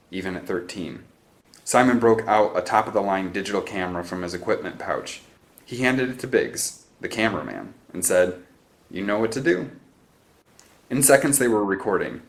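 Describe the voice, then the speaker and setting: Low-voiced man narrating a novel. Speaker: audiobook narrator. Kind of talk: scripted narration.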